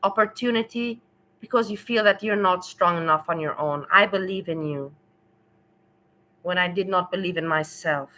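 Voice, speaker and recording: A woman's voice: fairly low pitch, normal speed, sharp tone, rough recording. A woman who speaks English as a second language, giving blunt, rambling opinions while livestreaming. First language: not English. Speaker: streamer. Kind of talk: casual livestream commentary.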